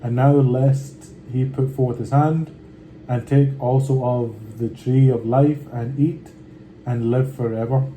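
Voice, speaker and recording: Brief: male scripture reader with a deep, warm, dark tone, deliberate delivery, casual asides, faint hiss behind. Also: steady tone, poor audio. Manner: deliberate reading with slangy offhand comments.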